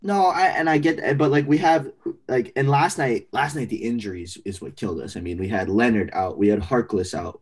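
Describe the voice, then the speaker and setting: Husky-voiced man in casual sports chat. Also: fairly low pitch. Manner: animated, opinionated, trails off into fillers. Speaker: podcast co-host.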